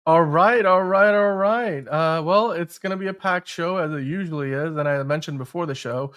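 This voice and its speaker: A man's voice: a little high, moderate pace, a bit bright, clear, resonant tone. A man hosting a casual fan news show, chatty and loose with lots of fillers and restarts. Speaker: show host. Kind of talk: casual podcast chat.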